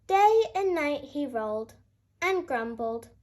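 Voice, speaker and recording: Gentle woman reading a bedtime story. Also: high-pitched, big pitch swings, slow pace. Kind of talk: bedtime story read-aloud.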